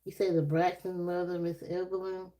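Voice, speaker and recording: A woman's voice: little pitch movement, normal speed, dark tone. A woman reading tarot on a casual live stream, chatty and laughing often as she talks to her viewers. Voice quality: naturally deep voice. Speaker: livestream tarot reader.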